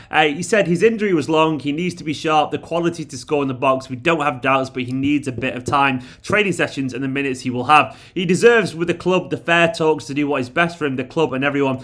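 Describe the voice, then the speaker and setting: A man's voice: mid-range voice, fairly bright tone. A man hosting a football fan channel, giving a chatty, opinionated match preview with self-mocking asides.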